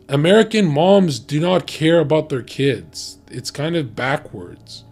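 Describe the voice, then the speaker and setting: A man's voice: on the high side, animated, takes it slowly, few pauses, a little mellow, soft background music. Blunt, profane man ranting. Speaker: podcast guest giving dating opinions. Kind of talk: heated casual talk.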